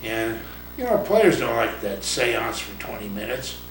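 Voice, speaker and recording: Older man, retired pitcher and coach, rambling chuckling storyteller, off-mic in an echoey room, noisy background. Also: sing-song, unhurried. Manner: rambling anecdotes, acts out voices, chuckles often. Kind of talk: casual interview storytelling. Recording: roomy, distant mic, noisy ambience.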